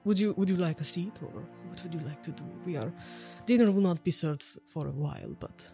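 Woman doing a shy, halting young lord. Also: fairly low pitch, faint music behind, natural voice. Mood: bashful. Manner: soft-spoken and halting.

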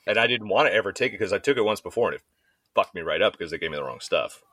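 Low, deep-voiced man telling blunt stories. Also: expressive, racing, fairly bright tone, no echo. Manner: candid, swearing storyteller who acts out quoted voices. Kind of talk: casual chat.

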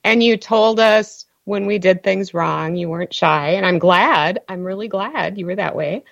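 A woman's voice: medium pitch, measured pace, creaky, no echo. A woman hosts with eager enthusiasm, affirming everything that is said. The recording is dry and close, with a slightly dull tone. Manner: enthusiastic, affirming, says "awesome" a lot. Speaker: host. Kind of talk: casual chat.

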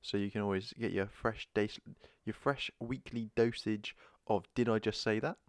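A man co-hosting a casual podcast, bantering and teasing in relaxed chat. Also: lowish voice, moderate pace, no room sound, studio quality. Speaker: podcast co-host. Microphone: headphones and podcast mic.

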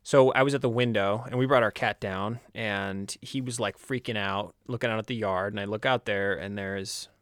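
A man chatting as a podcast guest, telling stories with animated quoted voices. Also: normal speed, hardly any pauses, no echo, studio quality. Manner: animated storyteller, acts out quotes in a high voice. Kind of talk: casual conversation.

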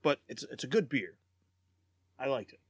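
A man co-hosting a casual sports podcast, relaxed and quick to laugh. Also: mid-range voice, slightly rough, no echo, studio quality. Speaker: podcast co-host.

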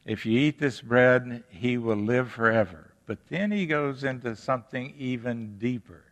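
Male pastor, sermon delivery, earnest, rhetorical questions; mid pitch, long church reverb. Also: a little slow. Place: church sanctuary.

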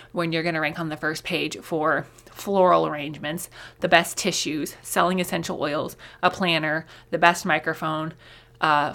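Chatty woman podcast host, lowish voice. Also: creaky, sharp tone. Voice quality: chatty, many "like"s, laughs often. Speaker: podcast host, marketing coach. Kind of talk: casual solo podcast teaching.

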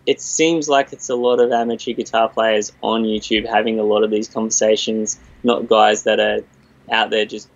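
Gravelly-voiced man in rambling chat. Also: medium pitch, dry recording, dull audio. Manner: rambling, restarts and quotes others. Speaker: studio guitarist and producer. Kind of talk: casual podcast chat.

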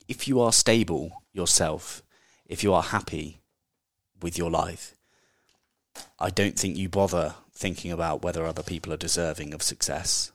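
A man hosts a casual solo podcast in a notably deep voice. He speaks candidly and conversationally, dropping the occasional swear word. His voice is recorded close and dry, with no room sound. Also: normal speed, dry recording. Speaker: podcast host.

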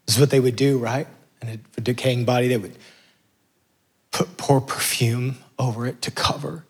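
Husky, passionate male preacher. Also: medium pitch, steady tone, moderate pace. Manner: passionate, rising to emphatic peaks. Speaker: pastor. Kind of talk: sermon.

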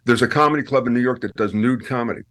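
A man telling stories as a guest in casual radio chat. His voice sits at an ordinary middle pitch, but it jumps up sharply whenever he reaches a punchline. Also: rapid-fire. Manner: animated storyteller, swings high for punchlines. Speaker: guest, podcast host.

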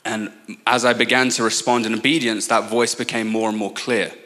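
Earnest young English preacher. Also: male voice, mid-range voice, level tone, sharp tone. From England. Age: 20s. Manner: earnest, quick asides and self-interrupting restarts. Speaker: guest speaker. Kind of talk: sermon.

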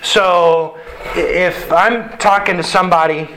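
A man's voice: sits high, fairly even intonation, measured pace, bright, forceful tone, a little hiss or hum, poor audio. A man preaching a sermon in a conversational way, asking the congregation questions as he explains a passage. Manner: conversational, quizzes the audience.

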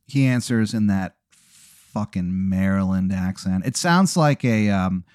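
A man's voice: deep voice, animated, takes it slowly, a little mellow, no echo, clean studio sound. A man hosting a podcast, telling a comic hypothetical in a profane, rambling way full of fillers.

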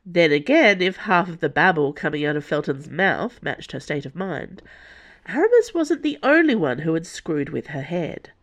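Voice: medium pitch, big pitch swings, moderate pace, a bit bright. An audiobook narrator reading scripted fiction expressively.

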